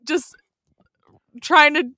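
A woman's voice: extremely slow, sharp tone, no room sound, studio quality. A woman co-hosting a podcast, laughing often and pushing back in a teasing way. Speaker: co-host. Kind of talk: casual podcast chat.

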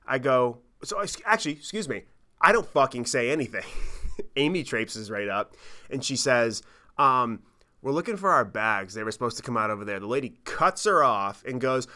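A man with a bright, forceful voice hosts his own podcast, telling a long travel story. He swears freely and pokes fun at himself. His pitch sits in an ordinary middle range. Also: normal speed. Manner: animated, profane, self-mocking storytelling. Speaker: podcast host. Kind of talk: casual storytelling monologue.

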